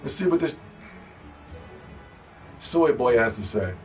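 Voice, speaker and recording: A man streaming live, ranting loudly and mockingly at a game review, with plenty of profanity. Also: medium pitch, expressive, slow pace, distant mic, soft background music. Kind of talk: live-stream reaction rant.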